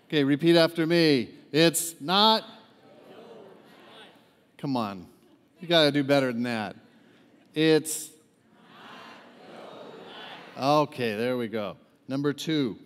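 A man's voice: medium pitch, lively intonation, takes it slowly, long pauses. A man preaching a sermon to a church congregation, joking with the crowd and asking them to respond. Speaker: guest preacher. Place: church sanctuary. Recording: echoey church hall reverb.

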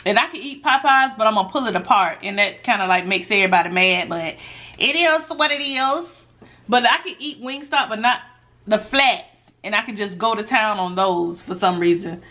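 A woman chatting casually while she eats on camera, reading viewer questions aloud and answering in a laid-back, animated way that often breaks into laughs. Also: a little high. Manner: animated, laughs often when telling stories. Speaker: mukbang vlogger.

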